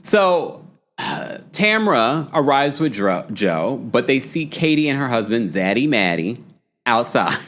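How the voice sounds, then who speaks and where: Animated young man recapping gossip. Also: mid-range voice, measured pace. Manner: animated and gossipy, with exaggerated quoted voices. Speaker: podcast host recapping reality TV. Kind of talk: casual recap monologue.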